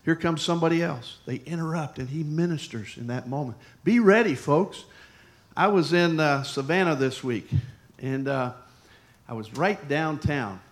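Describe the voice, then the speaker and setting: A man's voice: a little high, normal speed. Man preaching in a storytelling way. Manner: conversational storytelling, sudden loud emphasis. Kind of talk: sermon with personal story.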